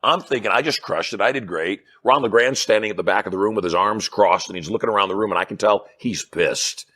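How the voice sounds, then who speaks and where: A middle-aged man with a fairly low voice, talking as an interview guest. He tells stories with energy and plays out both sides of each conversation. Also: fast talker. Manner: animated storyteller acting out dialogue. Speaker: guest, hypnotist and persuasion trainer. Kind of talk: storytelling interview chat.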